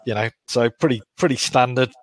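A man's voice: mid-range voice, a little fast, no echo. Middle-aged welsh-born guy w brummie accent, jokey dentist chatting, dry sound. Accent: Birmingham. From Wales. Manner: jokey, self-mocking. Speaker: dentist, podcast co-host. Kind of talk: casual chat.

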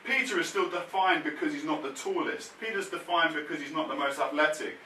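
A man preaching in a bright, ringing voice, telling his story with lively energy and casual slang. He sounds roomy and a bit distant from the mic, with faint ambience behind him. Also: fairly high pitch, brisk, a little hiss or hum. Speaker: pastor. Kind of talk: sermon. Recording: roomy sound, mic set back from speaker.

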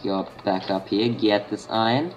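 An Australian man with a fairly low voice chats casually over his game, thinking aloud and trailing off mid-sentence as he plays. His talk wanders and stops and starts, and a faint music track plays softly behind him. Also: measured pace, lo-fi sound. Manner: rambling, thinks aloud, mutters half-finished sentences to himself. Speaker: gaming channel host. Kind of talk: casual gameplay commentary.

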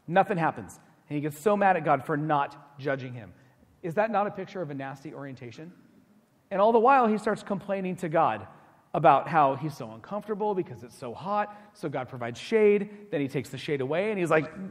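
A man preaching a sermon as pastor, animated and conversational, acting out quoted voices. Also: high-pitched, normal speed. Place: church sanctuary. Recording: long church hall reverb.

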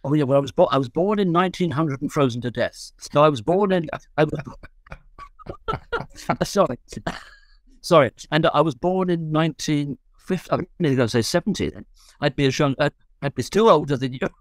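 A man's voice: fairly high pitch, a little fast, dry recording, studio quality. A man in his seventies from London, a guest musician recalling his youth in rambling, self-correcting, joking talk. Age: 70s. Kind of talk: relaxed storytelling.

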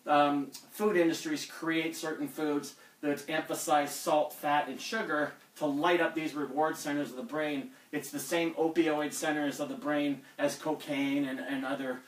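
A man's voice: on the high side, flat delivery, unhurried, few pauses, reverberant, far from the mic, low-quality recording. A man coaching fitness on a live stream, blunt and lecturing as he talks through diet advice.

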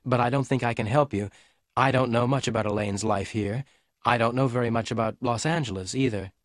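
A man's voice: mid-range voice, fairly quick, no room sound, studio quality, natural voice. A man reading an audiobook voicing a young blonde woman who speaks curtly and coldly to a hired detective. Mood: worried. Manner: curt, icy delivery. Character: young blonde woman client, sharp and cold. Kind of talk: audiobook reading for English learners.

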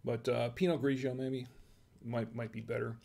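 A man's voice: medium pitch, flat delivery, normal speed, creaky, warm tone. A man hosting a casual wine tasting livestream, musing aloud in a hesitant, chatty way. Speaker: wine review show host.

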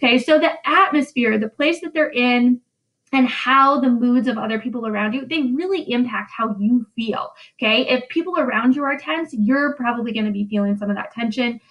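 A woman's voice: a little high, a little fast, lo-fi sound. A woman English teacher giving a casual, chatty recorded lesson recap, often checking in with "right?".

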